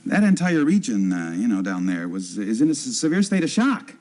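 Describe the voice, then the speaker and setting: An actor playing an evasive hospital doctor who clears his throat and halts, in a 1970s TV soap. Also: mid-range voice, sing-song, darkish tone, close to an everyday voice. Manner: hesitant, throat-clearing, halting.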